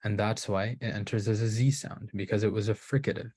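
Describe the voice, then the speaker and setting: A man's voice: fairly low pitch, steady tone, fairly quick, a little mellow, breathy edge. A man giving a lecture on Qur'an pronunciation, thinking aloud with restarts and checking in with "right?". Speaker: Qur'an recitation teacher. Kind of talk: explanatory lecture.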